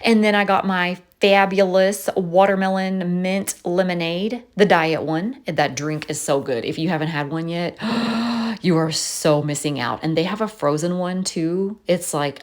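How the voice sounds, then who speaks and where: A woman's voice: lowish voice, normal speed. A woman chatting casually in a voice-over, telling stories and laughing often. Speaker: planner vlogger.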